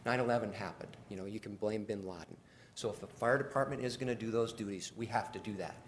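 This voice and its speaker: Low-ish voiced guy speaking at a council meeting, stops and restarts a lot, faint hiss behind. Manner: halting, with many restarts and repeated words. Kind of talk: testimony at a public committee meeting. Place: city council meeting chamber.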